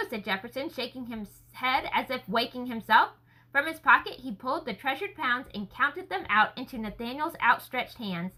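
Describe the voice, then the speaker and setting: A woman reading a story aloud as an audiobook narrator, with expressive storytelling. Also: high-pitched, moderate pace. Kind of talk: scripted narration.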